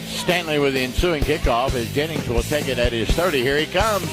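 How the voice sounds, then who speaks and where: Male play-by-play announcer, higher voice, excitable radio football caller. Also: brisk, hardly any pauses, over loud music. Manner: excitable, shouts on big plays.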